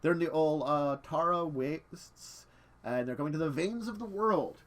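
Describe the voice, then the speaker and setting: A man's voice: fairly high pitch, unhurried. A man running a tabletop game stream as game master, chatting casually and laughing at his own technical troubles. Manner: chatty, self-deprecating, laughs often.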